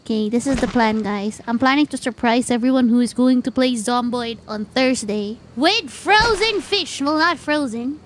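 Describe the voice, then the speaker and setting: A woman streamer chatting casually while she plays a game, excitable and quick to gasp and squeal. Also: fairly high pitch, a little hiss or hum. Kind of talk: casual gameplay chat. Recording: game music behind.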